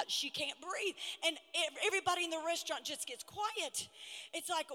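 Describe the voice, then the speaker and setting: A woman pastor preaching a passionate sermon, telling stories and building to shouted declarations. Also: extremely high pitch, a little fast. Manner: impassioned preaching, rising to shouts; storytelling with dramatic retellings. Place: large conference hall. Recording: long hall reverb.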